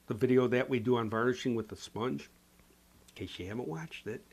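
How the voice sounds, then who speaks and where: Speaking a little fast in a medium, slightly rough voice, this man from the Chicago area, USA, answers viewer comments as a painting instructor. He has a cold, a Chicago accent, and a folksy, rambling style packed with "you know".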